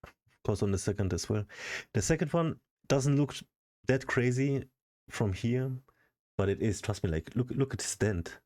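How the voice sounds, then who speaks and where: A man's voice: medium pitch, expressive, normal speed, darkish tone. A man vlogging in a casual, frustrated rant full of swearing. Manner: frustrated, profane ranting. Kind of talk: casual ranting vlog.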